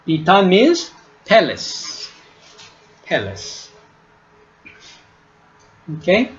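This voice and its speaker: A man teaching a class, speaking slowly, repeating each word and checking "right?" with his students. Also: high-pitched, wildly swooping pitch, dull audio, a little hiss or hum. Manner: slow, repeats words and asks "right?" often. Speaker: Hebrew teacher. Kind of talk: classroom lesson.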